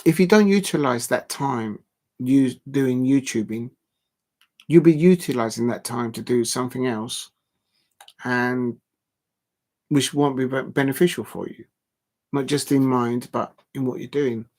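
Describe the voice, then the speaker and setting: A man's voice: medium pitch, unhurried, long pauses, a little mellow. A man, hosting a casual live stream, talking in a rambling, blunt way with many ums and restarts. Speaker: livestream host.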